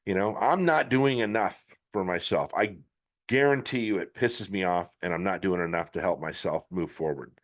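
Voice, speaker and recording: A man's voice: deep voice, normal speed. A middle-aged man hosting a podcast, giving a blunt, emphatic motivational monologue with some swearing. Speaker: podcast host.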